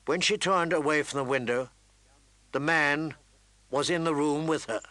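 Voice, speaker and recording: Bright-voiced male audiobook narrator. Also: on the high side, moderate pace, long pauses, dry recording. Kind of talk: scripted narration.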